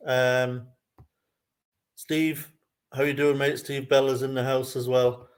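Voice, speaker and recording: An Irish man hosting a casual live fan stream, easygoing and playful, with a voice of ordinary middle pitch. He chats loosely, laughs a lot and greets viewers by name. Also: level tone, slow, long pauses. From Ireland. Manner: jokey, chatty, laughs often.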